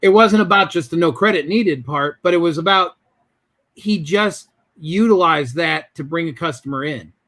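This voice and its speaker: A man's voice: fairly high pitch, moderate pace, fairly bright tone. A man telling a business story as a guest in an interview, acting out both sides of the conversations.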